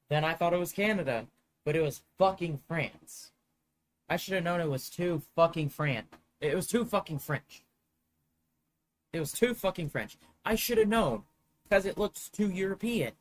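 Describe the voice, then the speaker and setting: A man giving live commentary as he plays a geography guessing game, rambling and swearing in exasperation. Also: a little high. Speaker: streamer.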